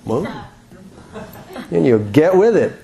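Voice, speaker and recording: This is a man leading a yoga class, with a voice pitched a little above the usual. He talks in a relaxed, chatty way, cracks small jokes and checks in with the room. It sounds like a talk given to a room full of students. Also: slow pace, creaky, lo-fi sound. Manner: relaxed, chatty, joking, with rhetorical questions. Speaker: yoga teacher.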